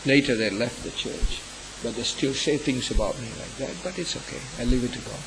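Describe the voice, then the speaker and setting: A pastor shares a painful experience from his church in an earnest, emotional way. His voice sits at a middle pitch and often climbs sharply when feeling takes over. A faint hiss runs under the recording. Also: fairly quick. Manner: earnest, emotional storytelling with sudden rises in pitch. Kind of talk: personal testimony in a sermon.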